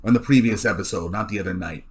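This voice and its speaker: A man's voice: sits low, fast talker, husky. A man giving a loose, profane recap of a TV episode, often repeating himself and restarting sentences. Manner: loose, repeats words and restarts, laughs at jokes. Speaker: show recapper.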